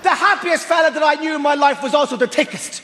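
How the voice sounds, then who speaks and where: A man with an Irish accent doing a stand-up routine on stage, ranting in a deadpan, drawn-out way. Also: extremely high pitch. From Ireland. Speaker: stand-up comedian. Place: comedy venue stage. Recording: reverberant venue with audience noise.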